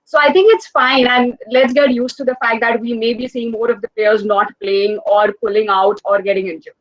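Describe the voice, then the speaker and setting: A woman's voice: on the high side, flat delivery, moderate pace, no echo. A woman speaking as a fan guest on a video call, confident and opinionated. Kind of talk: casual chat. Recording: dry, slightly dull audio.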